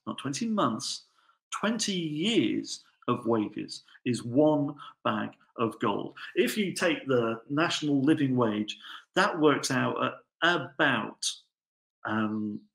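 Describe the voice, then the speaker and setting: A man's voice: mid-range voice, vocal fry, fairly bright tone. A man preaching a sermon, telling a story with rhetorical questions. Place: church. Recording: echoey church hall.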